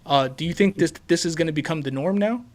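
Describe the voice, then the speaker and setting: A Puerto Rican man hosts a casual sports podcast, his voice sitting on the higher side for a man. He talks excitedly, stumbles and repeats words, and leans on fillers as he goes. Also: fast. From Puerto Rico. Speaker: podcast host.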